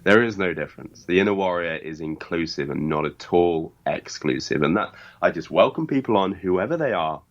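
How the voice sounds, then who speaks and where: Deep-voiced British man, emphatic coach. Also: animated, normal speed, hardly any pauses, dull audio. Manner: emphatic, motivational, earnest. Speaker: podcast host and life coach guest. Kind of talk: interview conversation.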